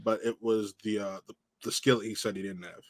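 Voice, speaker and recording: A man's voice: lowish voice, level tone, brisk, no echo. A man in casual review chat, chiming in with corrections and asides. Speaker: TV episode reviewer.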